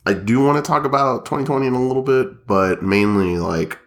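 A man's voice: mid-range voice, fairly quick, fairly bright tone, echoey room. A young man co-hosting a casual podcast, sounding nasal from a cold, rambling and joking with lots of fillers. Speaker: podcast co-host. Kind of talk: casual chat. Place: small home studio, echoey.

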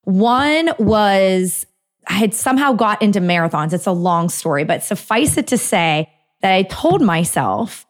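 A woman's voice: medium pitch, expressive, a little slow. A middle-aged woman, a dietitian and author, telling a personal story in a casual conversation, often laughing and acting out her own past thoughts. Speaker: dietitian and author, interview guest.

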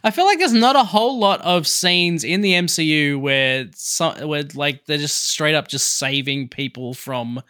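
A man's voice: fairly high pitch, lively intonation, unhurried, hardly any pauses, bright, forceful tone, clear, resonant tone. A man co-hosting a casual movie podcast, rambling with many fillers and laughing easily. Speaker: podcast co-host. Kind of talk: casual movie-review chat.

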